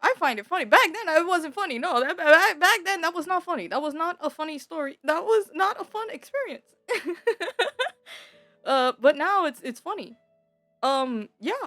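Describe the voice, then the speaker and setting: A woman's voice: very high-pitched, animated, moderate pace, pushed and bright, no echo. A young woman telling a story in a casual chat, laughing often and acting out the scenes as she retells them. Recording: dry close mic, faint background music.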